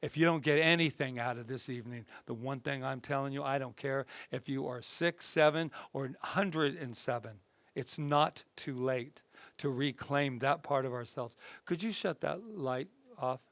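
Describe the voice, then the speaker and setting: A man leading a workshop as a minister, talking conversationally with the group and then guiding them through a slow, soothing meditation in a room. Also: medium pitch, dry recording. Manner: lively and conversational, softening into slow soothing guidance. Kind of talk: workshop talk and guided meditation. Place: indoor group session room.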